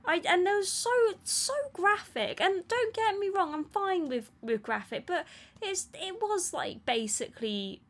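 A woman co-hosting a film review podcast, talking in a chatty, animated way with many fillers. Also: extremely high pitch, measured pace. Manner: chatty and animated, frequent "like" and laughs. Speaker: podcast co-host. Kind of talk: casual film review chat.

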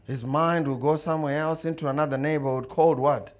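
A man's voice: fairly high pitch, steady tone, fairly quick. Man preaching a story-driven sermon. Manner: storytelling, acts out dialogue and crowd voices. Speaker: pastor.

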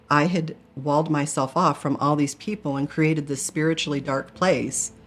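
A middle-aged woman candidly telling a personal story in a testimony style, earnest with flashes of self-mocking humor. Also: low-pitched. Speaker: guest telling a near-death experience.

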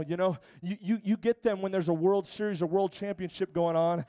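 A male pastor preaching a sermon, rising from quieter asides to shouted exhortations. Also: high-pitched, fairly even intonation, brisk, hardly any pauses, clean tone.

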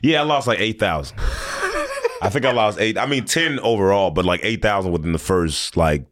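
A man's voice: on the low side, expressive, a little fast, fairly bright tone. A man, a stand-up comedian, chatting loosely as a guest and rambling through stories with laughs. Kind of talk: casual podcast chat.

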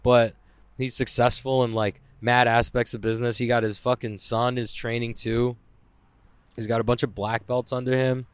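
A young man in a casual, rambling vlog rant. He swears freely and scatters fillers throughout. His voice sits at an ordinary pitch with a smooth, clean tone, recorded close and dry. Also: level tone, moderate pace, no echo. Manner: profane, loose, lots of "like" fillers. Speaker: vlogger.

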